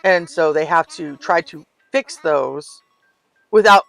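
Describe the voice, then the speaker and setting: A woman's voice: deep voice, takes it slowly, vocal fry, fairly bright tone, faint music behind. An older woman streaming a life-sim game, chatting casually and telling stories with frequent laughs. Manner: chatty storyteller, laughs often. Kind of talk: casual gameplay chat.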